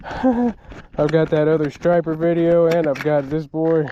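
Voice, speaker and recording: A man, excitedly narrating his own fishing vlog from a kayak on a river at night, often exclaiming and laughing. He is recorded on an action camera. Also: fairly high pitch, measured pace, lo-fi sound, a little hiss or hum. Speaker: fishing vlogger. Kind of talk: excited outdoor vlog commentary.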